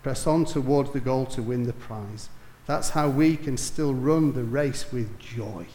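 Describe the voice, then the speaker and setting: A man's voice: medium pitch, measured pace, slight background noise. Preacher man in an echoey hall. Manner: storytelling, rising to emphatic peaks then dropping soft. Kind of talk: sermon.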